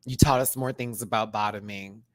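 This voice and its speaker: A man hosting a live-stream show review, talking in a sassy, animated way and laughing often. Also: fairly low pitch, brisk, no echo. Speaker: drag show reviewer and channel host.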